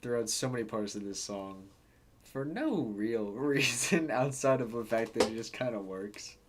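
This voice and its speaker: A man's voice: mid-range voice, expressive, moderate pace, background noise. A man giving a casual, hesitant and rambling review of a song, laughing between thoughts. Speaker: album reviewer.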